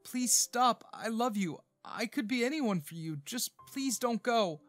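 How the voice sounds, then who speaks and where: Brief: male reader as a weepy, pleading young man, voice slightly raised, over soft music. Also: high-pitched, expressive, a little fast, no room sound, voice pushed up. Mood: crying. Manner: pleading, voice shaking.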